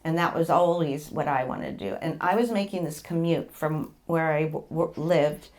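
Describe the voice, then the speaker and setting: A middle-aged woman with a low, darkish voice speaks at a moderate pace as a patient guest telling her own story. Candid and rambling, she repeats words and laughs as she goes.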